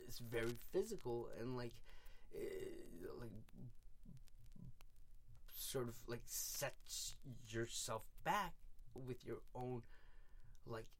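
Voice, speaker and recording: A man's voice: medium pitch, slow pace, pauses often, a little hiss or hum. Rambling, swearing young man. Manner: rambling, swears a lot, animated. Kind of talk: casual chat.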